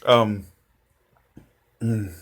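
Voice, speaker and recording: A man's voice: on the low side, steady tone, very slow, a bit bright. A man rambling through viewers' comments in a casual live chat, laughing often and restarting his sentences. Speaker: tarot reader answering viewer comments.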